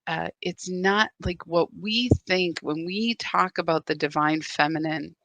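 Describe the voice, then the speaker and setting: Woman on a phone livestream, bright clear voice, dry close sound, emotional and searching, keeps restarting. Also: fairly low pitch, a little slow, no room sound. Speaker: spiritual practice host. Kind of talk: candid live-stream talk.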